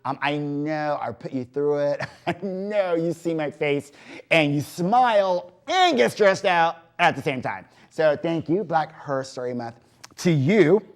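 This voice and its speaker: Speaking in a fairly high voice at a slightly slow pace, this man hosts a community TV variety show from a studio. His monologue is chatty and gossipy, lively and laid-back, peppered with "like" and "you know."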